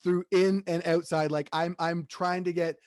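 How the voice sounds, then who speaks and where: A man's voice: sits high, level tone, normal speed, darkish tone, dry recording. A man co-hosting a casual chat show, joking and rambling with repeated words. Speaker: co-host.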